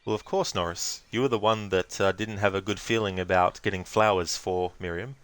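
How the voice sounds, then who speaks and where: A man's voice: low-pitched, fairly even intonation, fairly quick, a bit bright, smooth. A man streaming a video game, chatting in a rambling way and laughing easily. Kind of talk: casual gameplay commentary.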